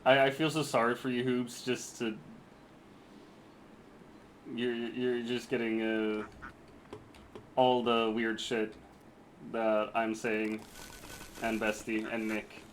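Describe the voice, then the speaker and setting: Unhurried, jokey male game streamer. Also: mid-range voice, little pitch movement, a little hiss or hum. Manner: playful, jokey, reads chat aloud. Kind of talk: casual gaming stream chat.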